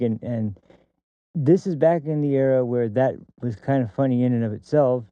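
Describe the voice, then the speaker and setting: A man's voice: mid-range voice, moderate pace, dry recording. A man hosting a casual opinion podcast, rambling with lots of fillers and laughs, over a dry, tinny phone-like line. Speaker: podcast host.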